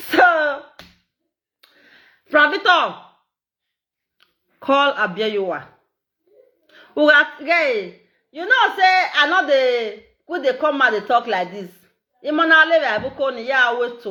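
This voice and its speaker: A middle-aged Nigerian woman with an Edo accent, talking in a casual, animated, repetitive way and laughing often. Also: fairly high pitch, highs cut off. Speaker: social media live streamer. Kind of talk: casual monologue in Pidgin and Edo.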